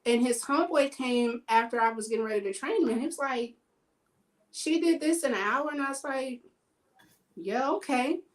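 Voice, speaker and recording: A woman telling personal stories in casual chat, animated and acting out the dialogue in her stories. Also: high voice, moderate pace, rough recording. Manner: animated, acts out quoted dialogue.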